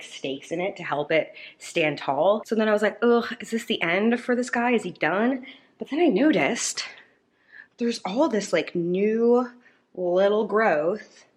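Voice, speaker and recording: A lifestyle vlogger, still slightly breathless from working out, chats to her tripod camera at home with plenty of "ums" and "likes." Her lowish voice has a little mellowness to it, and the recording quality is low.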